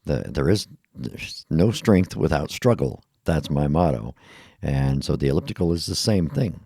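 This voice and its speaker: A man's voice: extremely low pitch, animated, moderate pace, creaky, dark tone, breathy edge, no room sound, clean studio sound. A middle-aged man talking tiredly in a rambling, self-deprecating podcast monologue, laughing at himself often. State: tired, yawning. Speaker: podcast host. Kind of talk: casual monologue.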